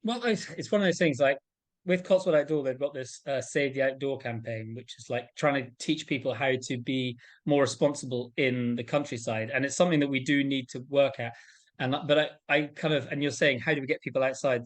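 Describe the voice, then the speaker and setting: Guy in an interview, chatty storyteller, does all the voices when he quotes people. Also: a little fast. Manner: animated, acts out quoted voices with big pitch jumps. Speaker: interview guest, endurance adventurer.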